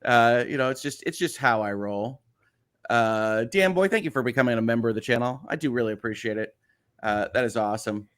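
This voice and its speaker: With a fairly bright, medium-pitched voice and a fairly quick pace, a man hosts a casual livestream. His accent is slightly nasal Chicago, and he reads viewer messages aloud while rambling, with many "uh" fillers and restarts.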